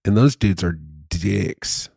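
Gravelly low-voiced man, joking around. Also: slow pace, a little mellow, dry recording, studio quality. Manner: jokey, goes into comic bits and repeats them. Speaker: podcast co-host. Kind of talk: casual chat.

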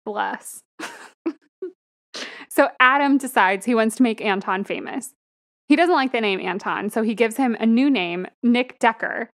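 A woman's voice: on the high side, a little slow. Laughing woman recapping a movie plot. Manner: laughs often while recapping plots. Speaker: podcast co-host. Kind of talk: casual movie review chat.

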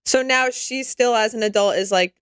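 A woman co-hosting a podcast, breaking in with quick questions and reactions in casual chat. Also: on the high side, fairly bright tone, clean tone, dry recording. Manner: interjecting with quick clarifying questions. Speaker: podcast co-host.

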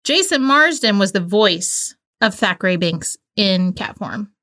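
A woman's voice: medium pitch, animated, measured pace, bright, forceful tone. A woman co-hosting a casual movie podcast, chatty and teasing, often laughing. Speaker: podcast co-host.

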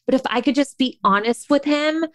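A woman's voice: high voice, fairly quick, fairly bright tone, dry recording. A woman in her thirties telling a personal story in a candid, emotional way, full of fillers and restarts. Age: 30s.

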